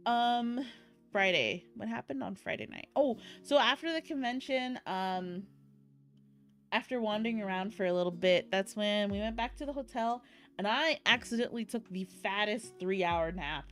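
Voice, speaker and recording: A woman's voice: medium pitch, normal speed, a bit bright, soft background music. A young woman streamer chatting casually in a bubbly, rambling way, with giggles and cutesy baby talk. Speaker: streamer recapping an event. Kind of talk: casual chat.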